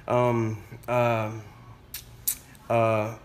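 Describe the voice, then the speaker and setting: A man's voice: mid-range voice, monotone, very slow. A man vlogger casually telling a story to camera, rambling with lots of fillers and restarts and casual cursing.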